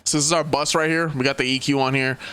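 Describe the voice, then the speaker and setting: A man's voice: medium pitch, fairly even intonation, quick pace, bright, forceful tone, smooth, faint music behind. A young man walks through a beat at his desk in loose, slangy talk. He swears easily and laughs at his own slips, with a faint beat playing underneath. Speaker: music producer. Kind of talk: casual beat-making tutorial.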